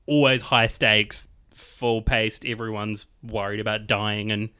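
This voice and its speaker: A man's voice: fairly low pitch, steady tone, measured pace, sharp tone, clean tone, dry recording, studio quality. A young man chatting casually as a podcast co-host, rambling with lots of fillers and frequent laughs. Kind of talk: casual chat.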